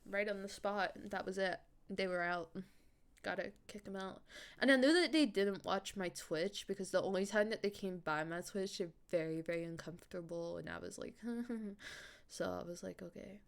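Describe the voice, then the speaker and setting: An animated woman streamer chatting casually with her viewers, laughing often and swearing freely. She talks in a raised character voice at a mid pitch for a woman. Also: normal speed. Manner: puts on a higher character voice. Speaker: streamer and voice actor.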